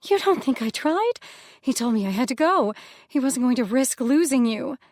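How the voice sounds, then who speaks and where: A woman's voice: high voice, animated, a little mellow, no echo, studio quality, pitched above the performer's own voice. A woman voicing Laoki, a brash desperate nymph. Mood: pleading. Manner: quick, pleading, self-reproaching outbursts. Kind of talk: audiobook character voice.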